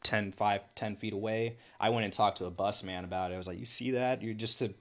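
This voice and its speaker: A man's voice: lowish voice, steady tone, fast talker, fairly bright tone. A man from Milwaukee, a guest in an interview, telling events in an earnest way with many fillers and restarts. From Milwaukee, Wisconsin. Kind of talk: casual interview talk.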